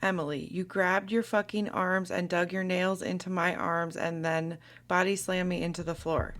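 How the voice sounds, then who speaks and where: A synthetic woman's voice reading text messages aloud, taking both sides of an argument in an even, computer-like delivery. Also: on the low side, moderate pace.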